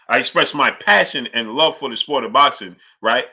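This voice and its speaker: A man hosting a live boxing stream, greeting viewers by name and arguing his points forcefully. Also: mid-range voice, normal speed, few pauses, slightly rough. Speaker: boxing channel host. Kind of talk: live-stream chat and commentary.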